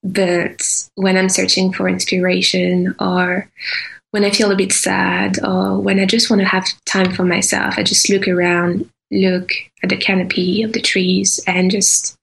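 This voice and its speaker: A woman co-hosting a podcast in casual conversation, speaking slowly and thoughtfully with pauses and fillers. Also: medium pitch, flat delivery, creaky, fairly bright tone, rough recording. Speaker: podcast co-host.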